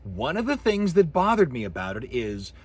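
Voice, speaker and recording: A man's voice: medium pitch, normal speed, slightly rough. A middle-aged man teaching a college lecture on sound, joking and acting out sound effects as he goes. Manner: animated, jokey, acts out sounds and voices. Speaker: college communications professor. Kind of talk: recorded lecture.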